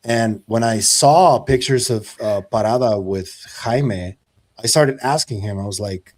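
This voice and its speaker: Hesitant low-voiced man reporter. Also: normal speed, a little mellow. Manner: hesitant, with many fillers like "uh" and "like". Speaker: reporter on UFO cases. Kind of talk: casual podcast chat.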